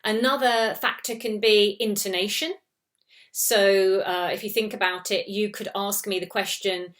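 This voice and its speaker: A woman's voice: mid-range voice, fairly even intonation, normal speed, a bit bright. British woman giving workplace advice. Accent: British English. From Britain. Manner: conversational, many "you know" fillers. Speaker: intercultural trainer. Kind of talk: talking-head advice video.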